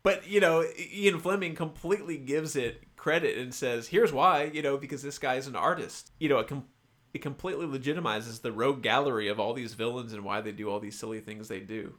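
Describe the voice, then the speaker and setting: A man's voice: mid-range voice, a little fast, a bit bright. A man co-hosting a podcast, chatting casually about a spy novel with a self-mocking, easygoing manner. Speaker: podcast co-host. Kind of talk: casual book discussion.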